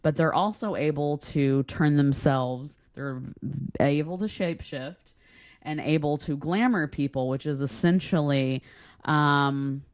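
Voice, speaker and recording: A young woman co-hosting a casual podcast chat, profane and quick to laugh. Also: deep voice, a little mellow, no echo. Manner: profane, laughs often, breaks into shrieking laughter. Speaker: podcast co-host.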